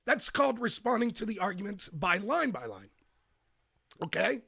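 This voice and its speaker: A man hosts a streamed political commentary show into a close desk mic, and the sound is dry with no room around it. His voice sits high and leaps around a lot. He talks with emphasis, a slight roughness, and sudden quick bursts. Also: no echo. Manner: animated and emphatic, bursts of rapid speech.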